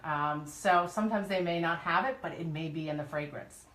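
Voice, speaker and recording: A woman's voice: low-pitched, normal speed, a bit bright. A woman co-hosting a casual chat, teasing and chatty as she explains things. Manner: teasing, chatty, laughs often. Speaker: co-host. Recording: echoey room.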